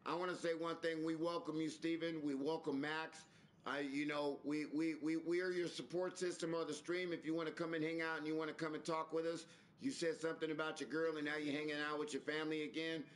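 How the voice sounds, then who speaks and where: A man hosting a live stream, talking in a preachy, repetitive, animated way with some swearing. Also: on the high side, a little fast. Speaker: stream host. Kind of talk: casual live-stream chat.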